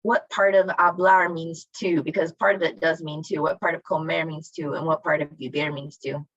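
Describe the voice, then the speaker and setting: Over dull, lo-fi video call audio with no echo, a woman teaches Spanish online in a deep, slightly bright voice. Her tone stays level and her pace moderate as she encouragingly quizzes students and praises their answers.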